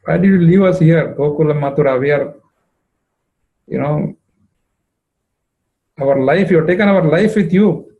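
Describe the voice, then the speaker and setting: A man's voice: fairly high pitch, normal speed, long pauses, narrow, tinny audio, voice pushed up, lightly acted. A man voicing a grieving young goddess who pleads with her long-absent beloved, her voice choking with longing. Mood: pleading, anguished.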